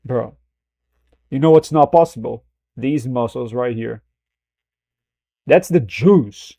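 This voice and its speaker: A man's voice: mid-range voice, slow pace, vocal fry, warm tone, dry recording, studio quality. A man streaming casual reaction commentary, rambling, swearing freely and laughing at himself. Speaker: streamer reacting to a film clip.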